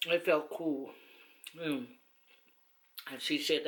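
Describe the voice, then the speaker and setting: Speaking a little slowly in a low voice, a Samoan-accented middle-aged woman rambles through casual stories to the camera, teasing and laughing often. She's a mukbang vlogger, seated on a long chair inside her home.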